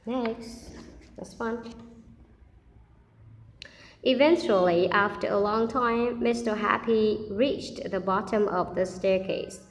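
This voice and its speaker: A woman who reads a children's story aloud and patiently stops to explain new words. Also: medium pitch. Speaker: English teacher. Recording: echoey room with long reverb.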